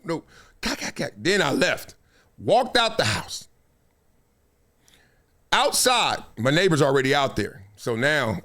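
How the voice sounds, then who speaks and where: Male host, high and lively voice, acts out the people he quotes, slangy storytelling. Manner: slangy, repeats phrases for effect. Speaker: show host. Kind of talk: casual storytelling monologue.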